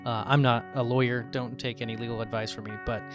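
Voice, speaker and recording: A man's voice: medium pitch, level tone, fast talker, over music. A man in his thirties hosting a solo podcast, talking loosely and rambling with fillers and the odd swear word. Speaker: podcast host. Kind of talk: casual solo podcast talk.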